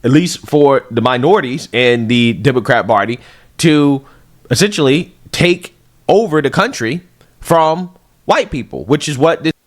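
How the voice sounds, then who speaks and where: A man making a political point in a played clip, speaking in a measured, explanatory way. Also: mid-range voice, lively intonation.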